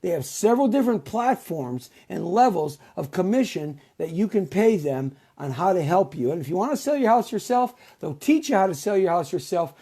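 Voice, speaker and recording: A man hosting his own show, rambling through casual sponsor pitches in a repetitive, salesman-like way. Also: expressive, brisk, few pauses, dark tone, husky. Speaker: show host.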